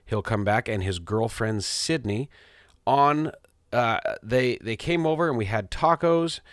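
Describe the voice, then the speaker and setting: A man's voice: mid-range voice, lively intonation, a little slow, clean tone, dry recording, clean studio sound. A middle-aged man hosting his podcast, telling a story in a rambling, self-amused casual monologue. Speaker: podcast host. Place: small home studio.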